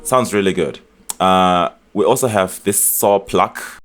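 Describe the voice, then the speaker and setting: A man explaining his music production in a casual tutorial, chatty and relaxed, with frequent fillers and restarts. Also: low-pitched, a little slow. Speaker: music producer demonstrating a beat remake. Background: beat elements playing from the project.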